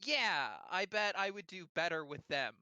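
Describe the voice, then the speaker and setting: A player in a tabletop game on a voice call, talking in an animated, hesitant way that often breaks off and restarts. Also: mid-range voice, normal speed, no room sound. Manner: animated, hesitant, self-interrupting.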